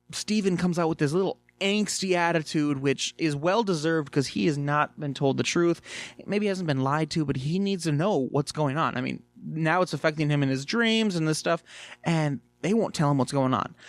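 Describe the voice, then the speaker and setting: A man's voice: fairly high pitch, normal speed, no room sound. A man casually reviewing a cartoon episode, rambling with lots of fillers.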